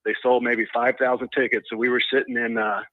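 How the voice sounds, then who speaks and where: Man, caller, tinny phone line, dry sound, relaxed and matter-of-fact. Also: medium pitch, fairly quick, no room sound. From Atlanta area, USA. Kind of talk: casual phone call.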